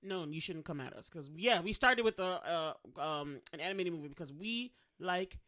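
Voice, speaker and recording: A young adult woman co-hosting a podcast in casual chat, playful and quick to laugh. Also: lowish voice, expressive, fairly bright tone. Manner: playful, bursts into song, laughs often. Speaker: podcast co-host.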